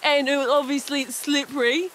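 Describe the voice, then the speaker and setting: A woman's voice: high voice, fairly even intonation, moderate pace, fairly bright tone, slight background noise. A woman voicing a brash young Australian woman in a ski mask, who rambles and calls people mate. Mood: chummy.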